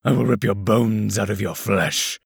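A man's voice: fairly low pitch, moderate pace, creaky, husky, no room sound, studio quality, exaggerated voice. A man doing a growling, arrogant villain. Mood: hostile. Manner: growling, spiteful. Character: arrogant hostile male villain fighter.

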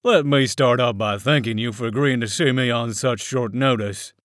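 A man voicing a genteel, calculating official who speaks in a measured, formal way. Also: mid-range voice, no echo, clean studio sound, lightly acted. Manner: measured, soft-spoken, formal.

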